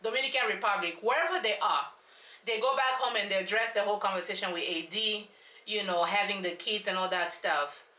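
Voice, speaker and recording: A woman's voice: mid-range voice, brisk, pushed and bright, recorded from a distance. A woman vlogger giving a casual, sassy recap of a reality show, dramatic and repeating lines for emphasis. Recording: echoey room, voice off-mic.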